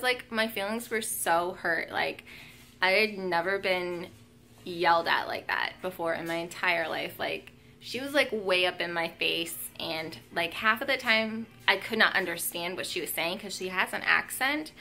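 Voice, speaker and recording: A young woman with a bright, forceful voice sits at home and tells a story to the camera. She speaks in a casual, emotional way, with her pitch set a little low, and fills her pauses with "um" and "like". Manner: emotional, lots of fillers like "um" and "like". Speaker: vlogger.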